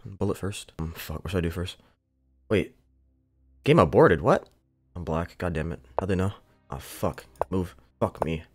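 A man's voice: sits low, moderate pace, pauses often, slightly rough, soft background music. A young man giving casual gameplay commentary, frustrated and self-mocking, swearing and breaking into jumpy outbursts. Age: young adult. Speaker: gaming YouTuber.

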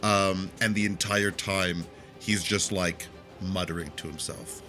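A man's voice: lowish voice, a little slow, over music. A man playing a tabletop game, casually describing his character's actions. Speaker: player.

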